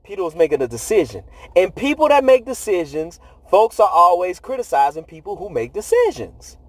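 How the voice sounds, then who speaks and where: A man with a notably high, animated voice preaches a motivational message. His speech is slangy and conversational and broken by frequent laughs, and the recording is close and dry. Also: fairly quick, dry recording. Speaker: motivational speaker.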